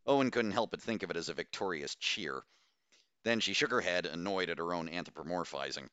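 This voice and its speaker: A man reading a science fiction novel aloud in steady, measured audiobook narration. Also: sits low, clean tone, dry recording, highs cut off.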